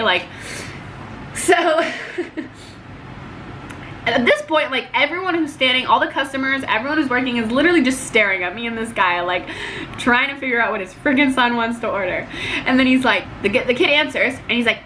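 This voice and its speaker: A woman's voice: high voice, lively intonation, fairly quick, bright, forceful tone, slight background noise. A young woman telling a story about her job to camera in a casual, chatty way, with lots of "like" and acted-out quotes. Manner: chatty, peppered with "like", acts out quotes. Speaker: vlogger telling work stories.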